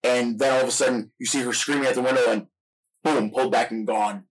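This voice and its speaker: A man's voice: mid-range voice, fairly even intonation, fast, slightly rough, rough recording. A man co-hosting a casual film podcast, retelling movie scenes in long, detailed play-by-play. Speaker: podcast co-host.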